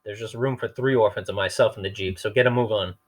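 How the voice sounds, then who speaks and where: A man's voice: on the low side, fairly even intonation, quick pace, close to an everyday voice. A man reading aloud, voicing a sly, smug grown-man villain in a storybook. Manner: smug and mocking.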